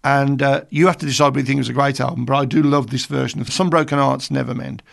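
An older man hosts a radio show, telling a rambling story with self-mocking asides. His voice has a gravelly edge and sits at an ordinary pitch for a man. He rambles along and teases the listener with what he holds back. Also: fairly even intonation, quick pace. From Birmingham, England. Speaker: radio presenter. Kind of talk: chatty anecdotal radio talk.

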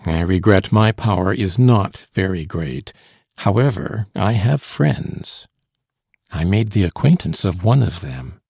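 Low gravelly man reading an old romance. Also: expressive, darkish tone, dry recording, studio quality. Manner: measured, formal storytelling. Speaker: audiobook narrator. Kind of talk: audiobook reading.

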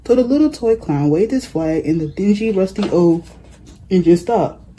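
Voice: medium pitch, expressive, moderate pace, warm tone, a little hiss or hum. A reader reading a children's picture book aloud, plainly and with small slips. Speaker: storybook reader.

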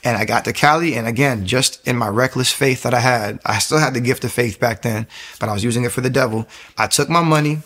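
A young adult man telling his personal faith testimony at a fast, earnest pace, with frequent restarts and bursts of raised, shouting intensity. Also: mid-range voice. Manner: fast, earnest, restarts often, rises to shouting when reliving moments. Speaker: testimony speaker.

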